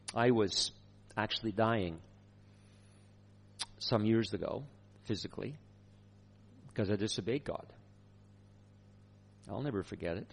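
A man preaching a sermon, telling a personal story in a lively way with chuckles. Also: medium pitch.

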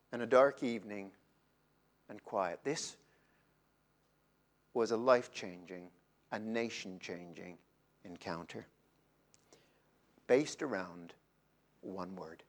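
A man preaching a sermon in a dramatic way, swinging between loud emphasis and hushed, drawn-out phrases. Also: lowish voice.

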